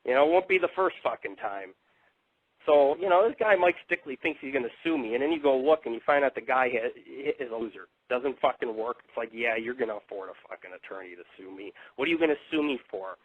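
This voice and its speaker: A man's voice: mid-range voice, expressive, fast. A man hosting a live internet radio show, talking in a rambling, profane, combative monologue. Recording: tinny phone-like dry audio.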